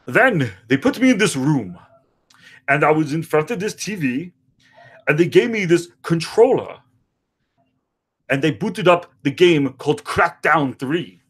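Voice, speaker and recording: A man putting on a crude, rambling impression of a boastful action movie star in a comedic parody interview, prone to sudden shouts and sing-song. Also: fairly high pitch, expressive, unhurried, long pauses, slightly rough.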